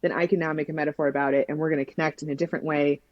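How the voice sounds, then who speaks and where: A woman guest on a podcast, chatting casually and telling stories in an enthusiastic, expressive way. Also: sits low, very fast, no echo, highs cut off. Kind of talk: casual conversation.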